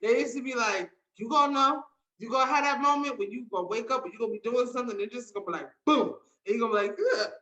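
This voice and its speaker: A woman's voice: a little high, fast talker, bright, forceful tone, rough recording. A woman co-hosting a casual podcast chat, telling personal stories with emphasis and acting out what people said. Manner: emphatic storytelling, acting out quotes. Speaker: podcast co-host.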